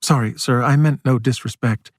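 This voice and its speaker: A man reading aloud and voicing a brisk woman federal agent who speaks fast, with clipped, sharply polite phrasing. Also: mid-range voice, fairly even intonation, no echo, clean studio sound, natural voice. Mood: pointed.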